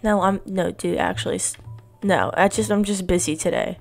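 Woman streamer, sick and hoarse, fry in the voice, chatty and reassuring, soft music behind. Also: on the low side, fairly even intonation, normal speed. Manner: chatty, reassuring, talks to chat and to herself. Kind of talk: casual live-stream chat while gaming.

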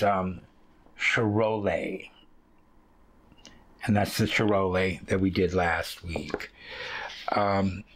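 A fiber arts channel host with a low voice leads a casual, hands-on tutorial. He rambles along with plenty of ums and uhs while reading and handling wool.

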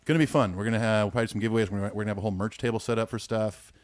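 A man's voice: fairly low pitch, steady tone, racing, dry recording. A man co-hosting a podcast, chatting casually in an easygoing, agreeable way. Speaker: podcast co-host. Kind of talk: casual chat.

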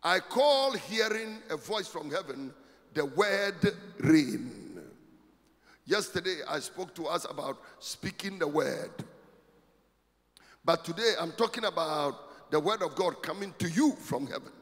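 A man's voice: a little high, lively intonation, unhurried. Emphatic preaching man in a reverberant church. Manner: emphatic preaching, swelling to shouts with sing-song cadences. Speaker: pastor. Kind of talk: sermon. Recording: long hall reverb, faint music.

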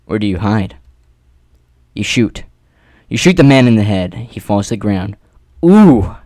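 A man narrating an adventure story in the second person, with theatrical pauses and rhetorical questions. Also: lowish voice, darkish tone, no echo. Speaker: narrator reading an AI-written adventure.

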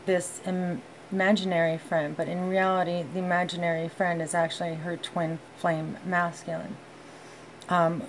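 Slow, soft-spoken woman tarot reader. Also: fairly low pitch, a little hiss or hum, rough recording. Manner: gentle, heartfelt, many ums and you-knows. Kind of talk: casual tarot reading monologue.

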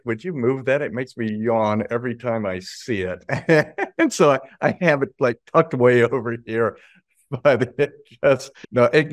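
A middle-aged man, a guest artist, telling stories in a relaxed, chuckling way on a video call. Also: medium pitch, no echo, clean studio sound. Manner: laid-back, chuckling storyteller. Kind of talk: casual interview chat.

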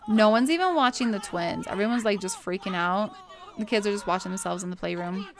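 Giggly woman chatting thru her sims game, mid pitch, gets all excited. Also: fairly quick, a little hiss or hum. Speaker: gameplay streamer. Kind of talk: casual gameplay commentary.

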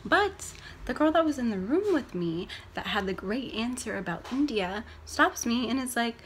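A young woman tells a story to her camera with lively, animated delivery. Her voice sits a little on the high side. She jumps between hushed asides and loud bursts as she acts out her reactions, with a faint hiss in the background. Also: moderate pace. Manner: animated, acts out her own reactions with big swings in loudness. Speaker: vlogger.

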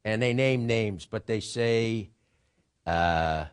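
A man's voice: fairly low pitch, slow pace, clear, resonant tone. A man giving an informal lecture on writing, rambling and digressive, with profane asides.

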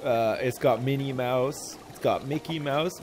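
A man's voice: medium pitch, a little slow, background noise. A man streaming a game live, joking, swearing and reading game text aloud in casual commentary.

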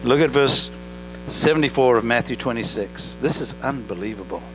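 A pastor with an accent preaching a sermon in church, talking directly to the congregation and asking them questions. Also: male voice, mid-range voice, animated, moderate pace, music in the background, rough recording. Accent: non-native English accent. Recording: faint mains hum. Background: mains hum.

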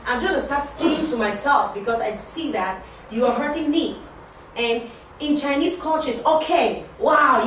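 A woman gives a training lesson to a class, speaking in a higher register, repeating her points for emphasis and quizzing her listeners. She sounds distant from the mic in a very echoey room, with faint noise underneath. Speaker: ESL teacher training teaching assistants. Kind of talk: interactive classroom talk.

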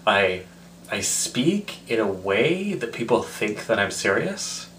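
A man's voice: lowish voice, very animated, slow pace, a bit bright, slight background noise. A tipsy man rambling in a casual, self-mocking vlog. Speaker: vlogger.

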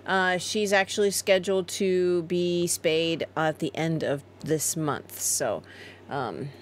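A woman's voice: fairly low pitch, takes it slowly, a little hiss or hum. A woman co-hosting a casual live chat, reading viewer comments and chatting about the family's pets. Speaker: co-host of a family homestead livestream.

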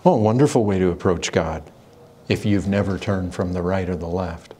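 A man delivers a sermon as pastor, his delivery impassioned. He climbs to raised, urgent peaks and then drops to low, hushed warnings. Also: normal speed, a little hiss or hum. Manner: impassioned preaching, pitch swinging between raised intensity and low hushed warnings.

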